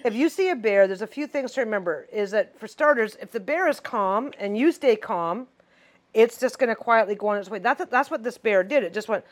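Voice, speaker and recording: A woman with a Canadian accent, co-hosting a casual podcast and calmly explaining facts about local animals. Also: fairly high pitch, brisk. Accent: Canadian English. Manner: explains facts in a relaxed, informative way. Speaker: podcast co-host. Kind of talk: casual chat.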